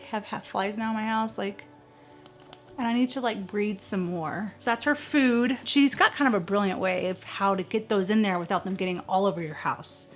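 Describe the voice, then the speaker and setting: A middle-aged woman chatting casually at home in a vlog, excitable and gushing, often squealing. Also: on the high side. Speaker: vlogger. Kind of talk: casual chat.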